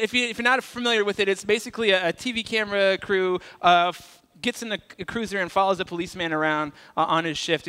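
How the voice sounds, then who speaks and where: A man's voice: sits high, a bit bright. A male pastor preaching a conversational sermon, telling jokes and stories. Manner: conversational, joking storyteller. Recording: reverberant church hall.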